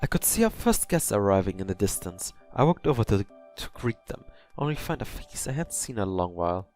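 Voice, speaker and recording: Soft-spoken man reading a story. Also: fairly low pitch, big pitch swings, a little fast, soft background music. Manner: soft, hesitant narration with slips. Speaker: story reader. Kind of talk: reading a fan story aloud.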